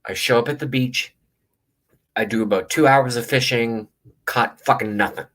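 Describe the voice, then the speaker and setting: A man who reacts to videos is vlogging, telling a rambling story bluntly and casually, swearing often and using lots of fillers. His mid-range voice is fairly bright and moves at a normal speed.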